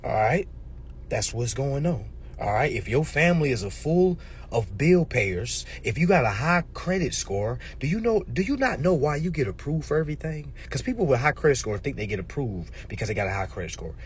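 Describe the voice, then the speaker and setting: A man delivering a casual, preachy rant to his viewers, swearing freely, tagging his points with "all right?" and swinging between murmurs and shouts. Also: medium pitch, expressive, a little fast, slight background noise. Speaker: social media commentator. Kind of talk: casual ranting monologue.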